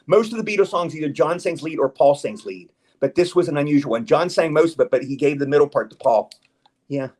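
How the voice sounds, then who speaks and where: A man's voice: on the high side, lively intonation, brisk, a little mellow. A man chatting as a guest in a casual interview, rambling and eager, with stammered restarts. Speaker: guest actor.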